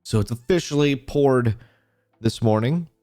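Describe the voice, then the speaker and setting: A man's voice: mid-range voice, a little slow, mellow. A man streamer in casual livestream chat, greeting viewers by name and trailing off into restarts.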